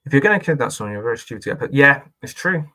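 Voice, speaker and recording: A man talks through a film in a loose, rambling reaction commentary, often laughing and questioning himself. His voice sits at a middling pitch with a bright, forceful edge. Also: lively intonation, very fast. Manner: chatty and rambling, with frequent laughs and self-questioning asides.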